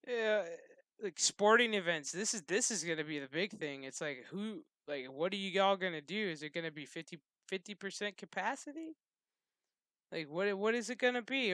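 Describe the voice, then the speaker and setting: A man's voice: high voice, pushed and bright, clear, resonant tone, dry recording, clean studio sound. A man who hosts his own channel, ranting in a loose, casual way, swearing and laughing as he goes. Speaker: channel host. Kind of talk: casual rant to camera.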